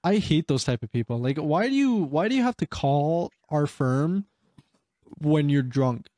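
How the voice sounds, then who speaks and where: A man's voice: a little high, lively intonation, a little slow, warm tone, dry recording. Young man rambling with lots of swearing. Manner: rambling, swears a lot, many fillers. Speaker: podcast co-host telling work stories. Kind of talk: casual chat.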